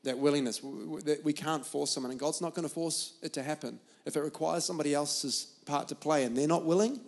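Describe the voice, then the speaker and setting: A man's voice: a little high, fast. A man hosting a church panel Q&A, chatty and enthusiastic, laughing often. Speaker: church host.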